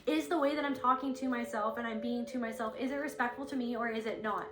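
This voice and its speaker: A woman's voice: on the high side, steady tone, fast talker, roomy sound. A woman giving a rambling, earnest spiritual reading, casually swearing and acting out inner thoughts in quoted voices. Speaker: intuitive spiritual reader.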